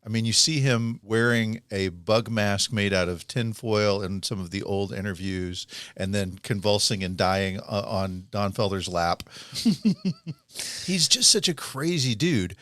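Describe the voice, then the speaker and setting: Low-voiced man chatting casually. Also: a little slow, a bit bright, dry recording. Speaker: podcast co-host. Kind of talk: casual chat.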